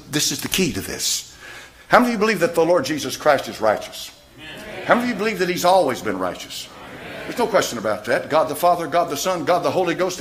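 A man's voice: mid-range voice, fairly bright tone. A man preaching a sermon in a church, firing rhetorical questions at his congregation. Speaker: pastor.

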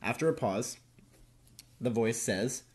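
A young man narrating a police evidence transcript in a deliberate, formal reading. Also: mid-range voice, lively intonation. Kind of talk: read-aloud case transcript narration.

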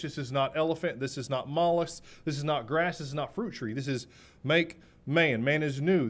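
Male preacher, slightly high voice, emphatic sermon delivery, repeats and slows on key points. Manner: clears throat now and then.

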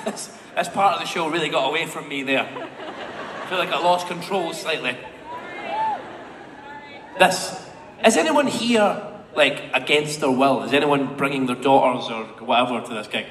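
A man's voice: fairly high pitch, measured pace, long pauses. A man in his twenties bantering with a live audience between songs, cheeky, rambling, self-mocking and swearing freely. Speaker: singer on stage. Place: large indoor concert hall. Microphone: stage microphone. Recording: echoey hall with loud crowd noise.

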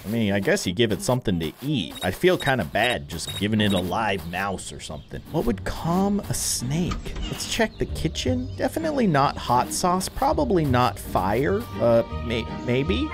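A young man casually commenting as he plays a mobile game, chatty and playful with rambling asides. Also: medium pitch. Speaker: gaming channel host.

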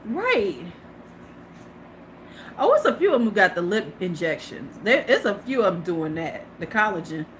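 A woman's voice: mid-range voice, very animated, normal speed, a little hiss or hum. A woman in her fifties, a beauty vlogger hosting a live stream, chatting casually, laughing and greeting her viewers. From United States.

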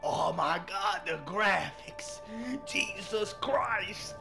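A man hosting a let's play, excitable and slangy, swearing freely and calling everyone bro and man. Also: high-pitched, very slow, creaky. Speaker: gaming channel host. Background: game music.

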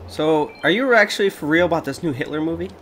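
A man chatting casually while playing a video game, excitable and prone to swearing when frustrated. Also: a little high, fast talker, faint music behind. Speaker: let's play gamer.

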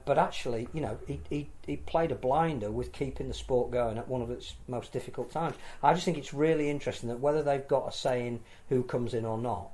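Mellow-voiced man talking sport. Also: medium pitch. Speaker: podcast co-host. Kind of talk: casual discussion.

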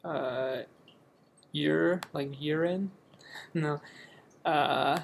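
A man's voice: on the high side, fairly even intonation, extremely slow, creaky, slight background noise. A young man from the United States casually reading a word list aloud and reacting offhandedly in a vlog. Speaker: vlogger.

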